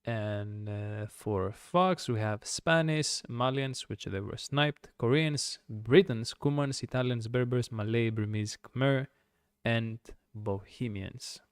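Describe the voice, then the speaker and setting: A man casting an esports strategy match, running through draft picks in a chatty, steady way. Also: medium pitch, slow, clear, resonant tone, no room sound, clean studio sound. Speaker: game caster. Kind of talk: esports play-by-play commentary.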